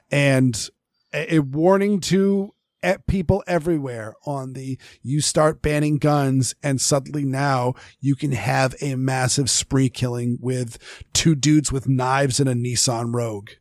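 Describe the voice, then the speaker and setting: In dry, studio-quality audio, a man at medium pitch speaks at a measured pace. He's co-hosting a podcast, rambling through casual chat with many fillers and restarts.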